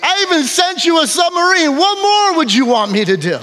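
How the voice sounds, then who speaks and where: A man's voice: very high voice, expressive, moderate pace, bright, forceful tone, voice pushed up, heavily acted. A man voicing God in heaven as an exasperated, reasoning figure. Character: patient God speaking from heaven, male.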